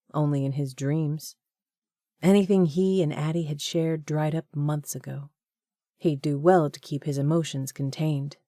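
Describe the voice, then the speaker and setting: Brief: woman reading a romance novel aloud, warm dark tone, even pace. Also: low-pitched, no room sound, studio quality. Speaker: audiobook narrator. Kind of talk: scripted audiobook narration.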